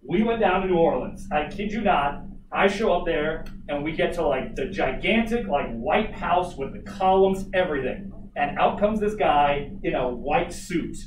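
A man's voice: on the high side, moderate pace. A man from Colorado teaching a history class, telling stories and joking with his students. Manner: animated, jokey asides to students. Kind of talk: classroom lecture with storytelling. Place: classroom, recorded from afar. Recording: echoey room, distant mic, noisy.

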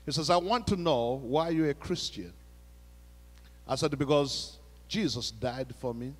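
A man preaching a sermon, telling a story in a hushed voice and then raising it to exhort the congregation. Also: medium pitch, measured pace. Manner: storytelling preacher, shifts between hushed retelling and raised exhortation. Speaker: pastor. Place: church sanctuary. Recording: long church hall reverb.

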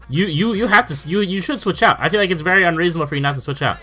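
A young man talks over his own gameplay in a bright, forward voice, swearing freely and tripping over his words whenever the match turns against him. Faint game music runs behind him. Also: high-pitched, quick pace. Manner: swears often, stammers in bursts, exclaims in disbelief. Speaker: gaming YouTuber. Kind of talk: casual live commentary over gameplay.

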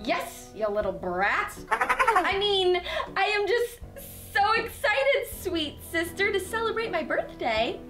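A woman's voice: very high voice, sing-song, takes it slowly, sharp tone, faint music behind, heavily acted. A woman playing a scheming evil fairy disguised as a young queen, bossy and snide. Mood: fake sweet. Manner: snide, bossy, sugary when covering up. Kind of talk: comedy sketch acting.

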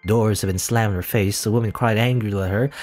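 A man's voice: fairly low pitch, fairly even intonation, quick pace, darkish tone, faint music behind. A man hosting a let's play, reading a game's story text aloud with casual asides and chuckles.

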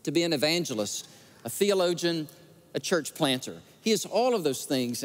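A man preaching a sermon, telling stories and acting out the quotes with animated feeling. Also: on the high side, normal speed. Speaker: pastor. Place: large church sanctuary. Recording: church sanctuary with long reverb.

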